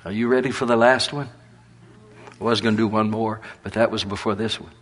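An older man preaching, telling animated folksy stories and laughing through them. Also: lowish voice, a little fast, noisy background. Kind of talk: storytelling sermon.

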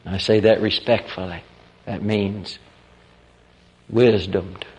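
A man preaching in a folksy, animated storytelling style, acting out the quotes of the people in his stories. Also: on the low side, slow pace, slightly rough. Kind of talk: storytelling sermon.

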